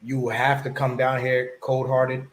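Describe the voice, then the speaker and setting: Man, interviewer, casual talk, mid-pitched voice, prompts guest. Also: completely flat delivery, a little slow, poor audio.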